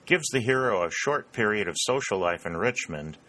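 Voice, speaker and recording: A man reading an audiobook in a measured, even narration. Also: fairly low pitch.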